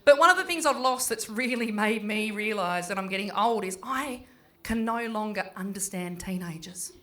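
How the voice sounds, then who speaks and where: A middle-aged Australian woman performing a stand-up comedy set in a small pub, chatty and swearing freely as she acts out her kids in quick voices. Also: mid-range voice, lively intonation, a bit bright.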